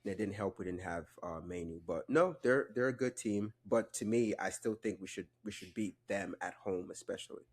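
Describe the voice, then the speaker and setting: A man co-hosting a football podcast, giving relaxed, measured opinions in casual chat. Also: on the low side. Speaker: podcast co-host.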